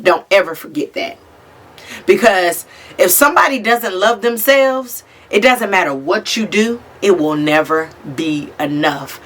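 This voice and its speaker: A woman's voice: medium pitch, expressive, moderate pace, a bit bright. A woman giving a casual tarot reading straight to the viewer, talking bluntly and swearing freely. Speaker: tarot reader. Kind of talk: casual spiritual reading to camera.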